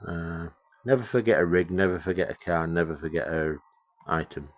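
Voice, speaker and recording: A man rambling through a casual workshop vlog about restoring a radio, swearing freely and joking about himself as he gives shout-outs. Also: low voice, normal speed, dry recording. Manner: rambling, sweary, self-deprecating.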